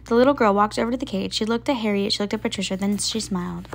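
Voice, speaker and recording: Gravelly-voiced woman reading a storybook. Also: mid-range voice, fast, slight background noise. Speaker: storybook reader. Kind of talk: reading a picture book aloud.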